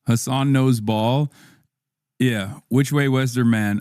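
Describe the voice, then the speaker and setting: A man's voice: medium pitch, fairly even intonation, slow, darkish tone, clean tone, dry recording, clean studio sound. A man streaming, riffing casually with profanity and frequent laughs as he reacts to a video.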